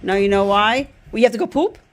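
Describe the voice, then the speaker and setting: A woman's voice: medium pitch, fast talker. A woman talking playfully to her pet dog, teasing and coaxing it. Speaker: dog owner. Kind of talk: casual talk to a pet.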